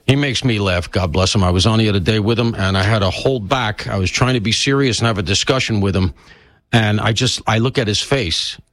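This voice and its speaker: A man's voice: fairly low pitch, fairly bright tone, no echo. An older man filling in as a talk-radio host, chatting in a rambling, self-mocking way and sounding stuffy from allergies. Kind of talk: casual talk radio monologue.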